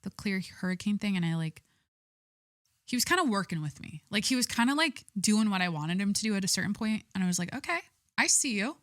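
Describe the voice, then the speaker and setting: A woman's voice: medium pitch, fast, dry recording, clean studio sound. A young adult woman hosting a podcast, talking casually and rambling with lots of filler words. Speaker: podcast host. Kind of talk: casual chat.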